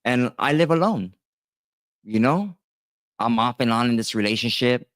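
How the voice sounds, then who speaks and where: A man's voice: medium pitch, lively intonation, moderate pace, no echo. A man in his thirties, a tattoo artist, telling a personal story in a casual, rambling monologue, full of fillers and restarts, talking straight to his viewers. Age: 30s.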